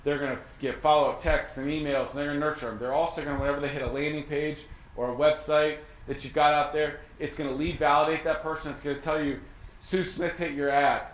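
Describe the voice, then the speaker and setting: A man giving an energetic, conversational information session, often acting out short exchanges with clients. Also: on the high side, fast talker. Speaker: real estate brokerage leader. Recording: echoey room with faint noise.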